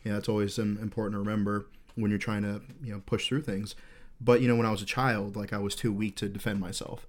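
A man's voice: fairly low pitch, level tone, fast. A man in his thirties hosting a podcast, telling a rambling, candid war story full of swearing. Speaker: podcast host.

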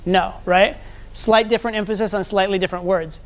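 A man's voice: high-pitched, fairly even intonation, brisk. A man teaching a live seminar as a social skills coach, talking conversationally and often checking in with the audience.

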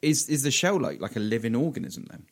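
A man's voice: mid-range voice, expressive, quick pace. A man co-hosting a podcast, rambling through silly stories in casual chat with lots of swearing and laughter. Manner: sweary, giggly, rambling storyteller. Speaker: podcast co-host.

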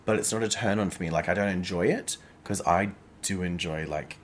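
Deep aussie guy rambling on a podcast, lots of "like"s, faint room hum. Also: fairly quick. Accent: Australian. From Australia. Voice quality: chatty, frank, lots of "like" fillers. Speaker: podcast co-host. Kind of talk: casual chat.

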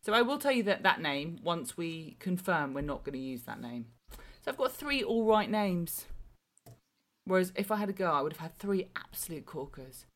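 A woman in her thirties with a low voice, talking frankly on a podcast the day after giving birth. She sounds tired and wry, and she often trails off softly. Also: very animated, moderate pace. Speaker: podcast co-host. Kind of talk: casual chat.

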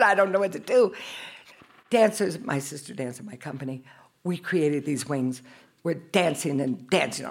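An older woman and choreographer, telling animated stories in a live interview and acting out the dialogue. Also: lowish voice, slightly rough. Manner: animated storyteller acting out dialogue, laughing often. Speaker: choreographer guest. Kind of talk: live podcast interview storytelling. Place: live at a dance festival.

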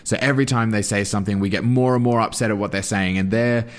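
Low-voiced man telling stories animatedly. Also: fast. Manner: animated storytelling with frequent restarts. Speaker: guest; anti-bullying school performer. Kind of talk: interview answer.

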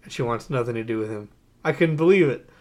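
A young man talking through old films on a podcast mic, with a voice of ordinary pitch. He recounts scenes in an incredulous, animated way and laughs often, which keeps the talk lively. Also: fast talker. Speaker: podcast co-host. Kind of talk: casual movie review chat.

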